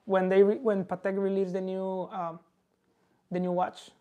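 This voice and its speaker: Spanish-accented woman for a podcast host, mid pitch, loose rambling chat. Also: moderate pace, clear, resonant tone. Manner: relaxed, rambling, calls the listener bro. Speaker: watch dealer and podcast host.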